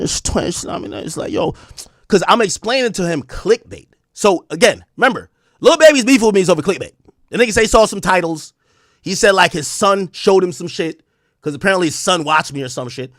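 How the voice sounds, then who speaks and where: A man's voice: sits high, expressive, a little fast, gravelly, a bit bright, no room sound, clean studio sound. A man telling a long, profane story in a casual rant, rambling with many restarts and bursts of laughter. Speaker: streamer and commentator.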